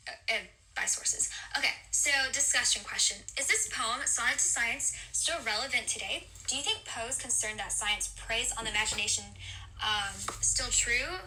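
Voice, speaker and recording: A young woman presents a poem to her class, her voice strikingly bright and clear in tone. She speaks in a halting way, filling gaps with ums and correcting herself as she goes. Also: fairly high pitch, slight background noise, poor audio. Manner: halting, many fillers and self-corrections. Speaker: student presenter.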